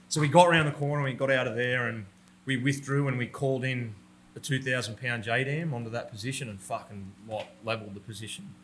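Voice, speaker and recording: Bright-voiced Australian man telling blunt war stories. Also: medium pitch, fast, slight background noise. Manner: profane, blunt, laughs through his own stories. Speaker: podcast guest, army veteran. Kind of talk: conversational war storytelling. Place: room with a roller door.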